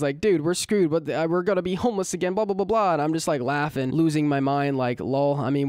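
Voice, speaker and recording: A young man casually telling a storytime vlog in a slangy, animated way, laughing at his own bad luck. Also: fairly high pitch, dry recording, studio quality. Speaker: storytelling YouTuber.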